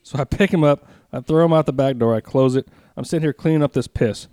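A man's voice: medium pitch, quick pace, warm tone, dry recording, studio quality. A man co-hosting a podcast, telling rambling, swear-laden stories and laughing as he goes. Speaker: podcast co-host. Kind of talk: casual storytelling chat.

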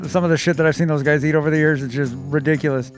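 A man with a notably high voice joins easygoing podcast banter, tripping over his first words before his point comes out. Faint music runs behind him. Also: fairly even intonation. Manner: halting, repeats words when starting a sentence. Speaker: podcast co-host. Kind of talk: casual chat.

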